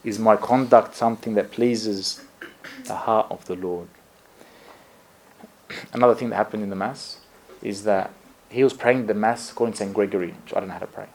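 A priest giving a conversational sermon, telling stories in a relaxed way with lots of fillers and self-corrections, often laughing at himself. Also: male voice, fairly low pitch, moderate pace, long pauses, slight background noise.

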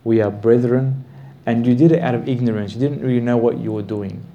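Mellow-voiced man teaching Bible study. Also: medium pitch, steady tone, lo-fi sound, a little hiss or hum. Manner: slow, emphatic stresses with repetitions.

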